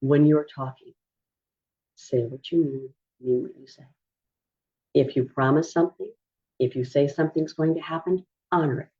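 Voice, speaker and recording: Husky-voiced woman teaching parents calmly. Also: low-pitched. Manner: calm, measured, explanatory. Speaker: autism specialist and parent coach. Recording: dull lo-fi recording.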